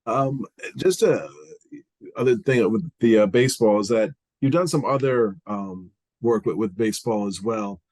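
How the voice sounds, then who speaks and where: A man hosting a podcast, asking questions in a relaxed, conversational way. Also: fairly low pitch, moderate pace, no echo. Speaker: podcast host. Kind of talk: casual interview.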